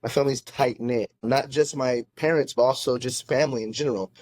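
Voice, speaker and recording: A pastor telling his own faith story in a podcast conversation, earnest and halting, often restarting his sentences. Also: medium pitch, steady tone, darkish tone. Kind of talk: casual testimony in a conversation.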